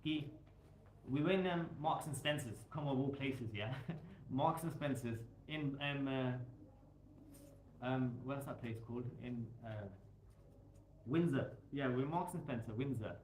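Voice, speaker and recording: A man's voice: medium pitch, a little slow. Man, casual storyteller who rambles and fills with "um", echoey room, faint hiss. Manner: rambling, storytelling, many fillers. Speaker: speaker at a Sikh talk evening. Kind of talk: casual talk, mixing in Punjabi.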